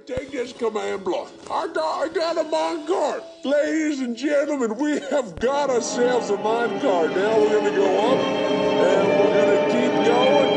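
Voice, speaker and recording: A man giving excitable, playful gameplay commentary, often yelling in surprise. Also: high-pitched. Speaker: gaming video creator. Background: background music.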